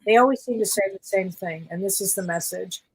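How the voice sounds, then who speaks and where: A woman co-hosting a casual chat, speaking in a calm, measured and reassuring way. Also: medium pitch, slightly rough, poor audio. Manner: calm, measured, reassuring delivery with short encouraging replies. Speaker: co-host.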